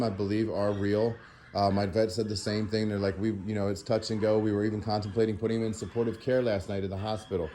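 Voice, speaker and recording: A man speaks in a low, mellow voice, worn out after a sleepless night. He talks to the camera at home in a loose, rambling way, full of ums and restarts. A faint hiss of background noise sits under the recording. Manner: rambling, filler-heavy, soft baby talk to a puppy. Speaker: animal sanctuary vlogger. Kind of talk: casual talk to camera.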